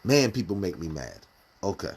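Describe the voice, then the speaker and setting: A man's voice: low voice, very animated, moderate pace, darkish tone, breathy edge. A man giving casual live-stream commentary, firing off rhetorical questions in street slang. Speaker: community commentator.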